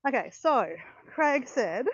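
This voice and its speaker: A woman chatting excitedly to live viewers on a phone while walking outdoors on a beach. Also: high-pitched, takes it slowly, husky, no echo. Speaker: walking vlogger on a live stream. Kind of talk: casual chat to live viewers. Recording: dull lo-fi phone audio.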